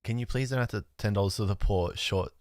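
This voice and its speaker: A young Australian man as a guest in a casual chat, relaxed and matter-of-fact. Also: lowish voice, fast, dry recording, studio quality.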